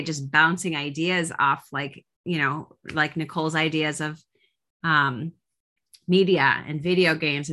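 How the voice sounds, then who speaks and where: Chatty woman coach, bright voice. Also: sits low. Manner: chatty, many fillers and restarts. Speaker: parenting coach leading a group. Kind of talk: casual group coaching talk.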